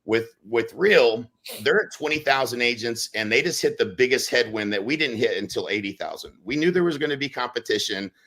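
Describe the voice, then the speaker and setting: A man speaks in a bright, forceful voice. He talks casually and keeps things animated, breaking into loud acted-out quotes as he tells stories on a podcast. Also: medium pitch, brisk. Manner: animated, acts out quotes with sudden loud bursts. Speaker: real estate brokerage leader on a podcast.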